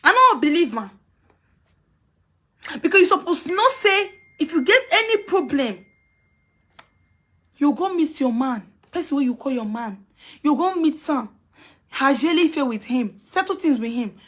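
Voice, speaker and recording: Woman with a Nigerian Pidgin accent, high and bright, taunting rant streamed on a live video. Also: animated, unhurried, pauses often. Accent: Nigerian Pidgin English. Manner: scolding, taunting, repeats herself.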